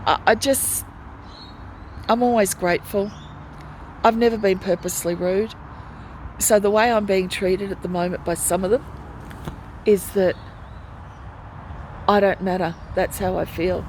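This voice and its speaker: A woman's voice: medium pitch, a little slow, long pauses, slight background noise, rough recording. A woman speaking in a personal video diary from a hospital ward, retelling in a distressed, pleading way how she has been treated. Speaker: hospital patient vlogger.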